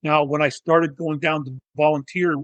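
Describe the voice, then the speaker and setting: A man, a physical therapist and educator, telling his story in a technical, animated way as an interview guest. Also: on the high side, moderate pace, dry recording, poor audio. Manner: technical, animated, acts out quoted dialogue. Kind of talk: conversational storytelling.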